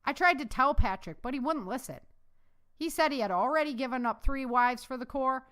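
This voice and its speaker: A woman's voice: high-pitched, brisk, fairly bright tone, smooth, pitched above the performer's own voice. A woman voicing a sarcastic, jesting male ex-Marine in a storybook reading. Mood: wry jesting. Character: wry, sarcastic male ex-Marine security man.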